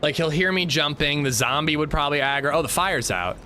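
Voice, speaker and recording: Bright, lively-voiced gaming streamer man. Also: a little high, brisk, slight background noise. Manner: chatty, rambling, reads chat aloud. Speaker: livestreamer. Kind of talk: casual chat while gaming.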